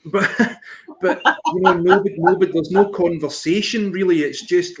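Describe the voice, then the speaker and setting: A man's voice: high-pitched, normal speed. A man co-hosting a casual live chat, talking in a hesitant way with many repeated words. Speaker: co-host.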